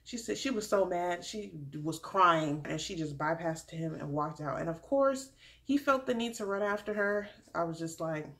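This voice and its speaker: A young woman vlogger recapping a reality show in a chatty, animated way, often laughing and acting out what people said. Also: lowish voice, moderate pace. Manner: chatty, laughs often, drops into quoted voices. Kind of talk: animated casual recap with acted-out quotes.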